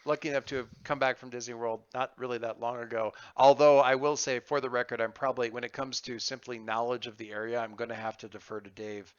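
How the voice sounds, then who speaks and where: A man running a tabletop game, chatting out of character, excitable and halting, with many restarts. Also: medium pitch, clear, resonant tone, no room sound. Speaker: game master. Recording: slightly muffled dry audio.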